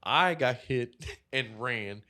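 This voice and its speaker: A man's voice: medium pitch, slow. A man co-hosting a podcast, telling a story in casual profane chat and acting out the people in it. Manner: animated, profane storytelling with acted-out quotes. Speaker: podcast co-host.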